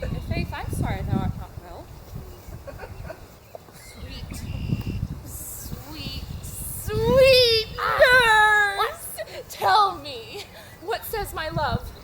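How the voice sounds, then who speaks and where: A woman's voice: high-pitched, big pitch swings, a little slow, very noisy. A woman playing an eager, impatient young girl in love, pleading insistently on stage. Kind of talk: live stage acting.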